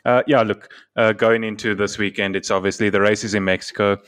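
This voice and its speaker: A man's voice: lowish voice, little pitch movement, brisk, fairly bright tone. Laughing man with a slight lisp. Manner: chuckles often while talking. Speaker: podcast co-host. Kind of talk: casual chat.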